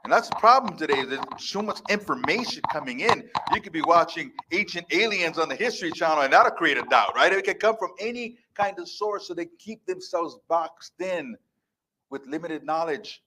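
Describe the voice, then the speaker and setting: A man's voice: a little high, animated, moderate pace, pushed and bright, slight background noise. Emphatic fiftyish male life coach. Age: 50s. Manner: emphatic, repetitive, defiant. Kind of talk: motivational speech. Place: stage before a live audience.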